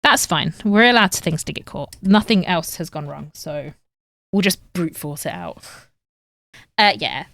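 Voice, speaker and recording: Low-voiced English woman chatting while sewing. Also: expressive, measured pace, fairly bright tone, dry recording. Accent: northern English. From England. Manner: chatty, reads chat aloud and talks to viewers while sewing. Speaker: streamer. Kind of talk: casual sewing livestream chat.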